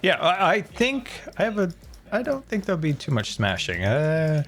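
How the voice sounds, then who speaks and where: A male streamer in relaxed chat with a very animated, up-and-down delivery. He teases playfully, repeats his phrases and counts things out loud. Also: on the high side, normal speed. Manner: playful and teasing, counts aloud, repeats himself. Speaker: streamer host.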